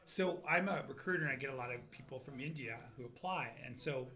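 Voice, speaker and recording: Bright, quick-talking man. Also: mid-range voice. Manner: chatty, quick interjections. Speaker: recruiter. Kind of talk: casual panel chat.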